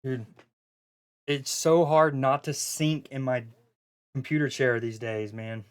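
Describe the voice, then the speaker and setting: Male streamer co-commentator, mid-pitched, loose and talkative, prone to fillers and sudden bursts of excitement. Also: slow pace, smooth. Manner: chatty, loose, excitable, with frequent fillers and restarts. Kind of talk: casual live stream commentary.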